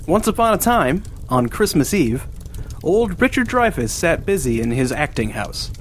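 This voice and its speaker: Male comedy narrator, cozy storybook delivery, slightly high voice. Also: sing-song, normal speed, slight background noise. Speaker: narrator and co-host.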